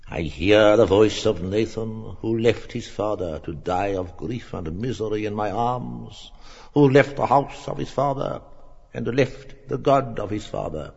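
An actor voicing an old grieving father who speaks slowly and solemnly. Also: lowish voice, vocal fry, darkish tone, husky, exaggerated voice. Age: older. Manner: slow, solemn, reverent. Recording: dull recording with long reverb.

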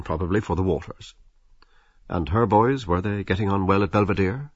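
Husky low guy reading a novel, wry and measured, dry dull recording. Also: no room sound. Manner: measured, wry, expressive storytelling. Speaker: audiobook narrator. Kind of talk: scripted literary narration.

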